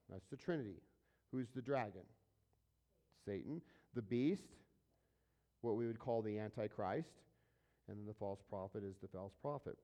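A male pastor teaching a verse-by-verse sermon, casually asking his listeners questions and moving between quiet asides and louder emphatic passages. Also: medium pitch. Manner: conversational preaching, asks the audience questions, swings between soft and loud.

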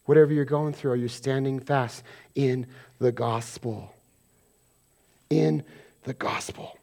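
This male pastor has a gravelly, mid-range voice and a steady tone. His conversational sermon swings between forceful emphasis and hushed asides, and he briskly mimics the voices in ordinary arguments.

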